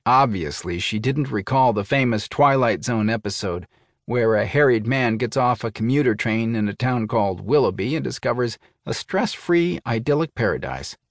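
A man narrating a first-person thriller audiobook in a measured, even storytelling manner. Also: medium pitch, no echo, clean studio sound.

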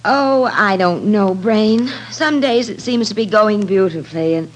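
A woman's voice: medium pitch, measured pace, lightly acted, rough recording. An actress playing a polite, refined young woman playwright in a 1940s radio drama.

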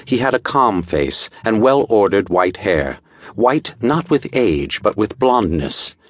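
A man narrating an audiobook in a measured, dramatic storytelling style, recorded close to a studio mic. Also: fairly low pitch, animated, a bit bright, no room sound. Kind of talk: scripted narration.

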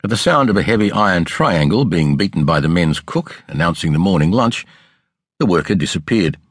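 A man narrating an audiobook in a measured, expressive storytelling manner with a husky voice. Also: deep voice, no room sound. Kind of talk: scripted narration. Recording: dry close studio sound.

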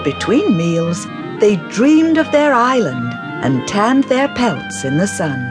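A woman narrating a children's picture book, reading expressively and jumping up high when she voices the characters. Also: sing-song, slow, music in the background. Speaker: audiobook narrator. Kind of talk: storybook narration.

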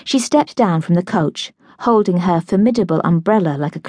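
A woman reading a novel aloud in a measured, even manner. Her voice sits fairly low, and the close studio mic keeps the sound dry. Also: no echo. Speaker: audiobook narrator. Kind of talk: scripted audiobook narration.

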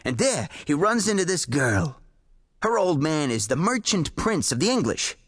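A man voicing an excitable, boastful male pulp writer who rambles eagerly in folksy slang. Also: fairly high pitch, normal speed, no room sound, clean studio sound. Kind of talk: audiobook character voice.

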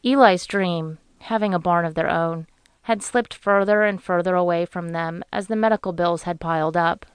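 A woman narrating a romance audiobook in a measured, even storytelling manner on a close studio mic. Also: fairly low pitch, smooth, dry recording. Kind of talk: scripted narration.

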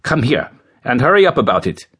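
A man's voice: medium pitch, very animated, fairly quick, fairly bright tone, slightly rough. A man voicing a brusque police officer who barks short orders and questions. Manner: curt, barking questions.

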